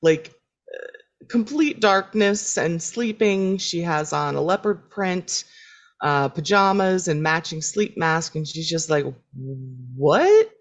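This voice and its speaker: A woman's voice: on the low side, takes it slowly. A woman co-hosting a podcast, chatting casually about a TV episode, laughing often and quoting characters. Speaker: podcast co-host. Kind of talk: casual recap chat.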